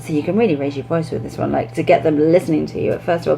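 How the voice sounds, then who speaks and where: Mellow-voiced chatty woman teacher. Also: low-pitched, rapid-fire, creaky, few pauses, low-quality recording. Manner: chatty, with lively acted-out classroom demonstrations. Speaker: English teacher. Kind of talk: teaching tips to camera.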